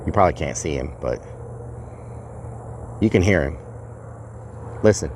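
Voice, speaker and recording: A chatty, excitable man livestreams outdoors at a rural property, calling his viewers y'all in casual conversation. His rumbling low voice is unhurried, with background noise around him.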